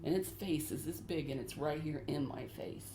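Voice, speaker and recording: Recounting scary experiences at her home on a paranormal show, a middle-aged homeowner speaks earnestly and anxiously, repeating herself often. Her low voice moves at a moderate pace over music, captured in an echoey room with faint noise.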